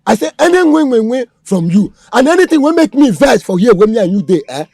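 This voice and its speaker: A coarse, mocking kidnapper growls threats in a Nigerian Pidgin accent. His husky voice sits high and swings wildly as he taunts his captive. The sound is close and dry. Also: very animated, fast, no room sound, exaggerated voice. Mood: menacing. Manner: threatening, taunting, shouting orders. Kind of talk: Nollywood film acting.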